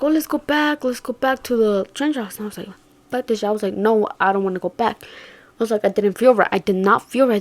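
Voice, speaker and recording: A young woman with a somewhat high voice tells a story in a loose, profane, slangy way. She swings from loud, excited outbursts to low, hushed asides. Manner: animated, swearing, slangy, shifting between loud outbursts and hushed murmurs. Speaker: vlogger. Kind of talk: casual storytime.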